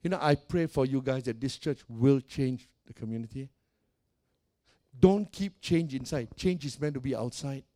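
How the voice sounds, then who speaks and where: A man preaching a sermon as pastor of a church, calling out to the congregation and swinging between soft and loud. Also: mid-range voice, normal speed. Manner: preaching with call-and-response and dramatic swings in volume.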